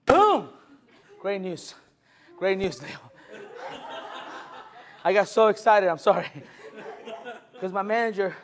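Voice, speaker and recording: A male car sales trainer giving a live demonstration, animated and loose, swinging from shouting to murmuring. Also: sits high. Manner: hype-driven and loose, with occasional swearing.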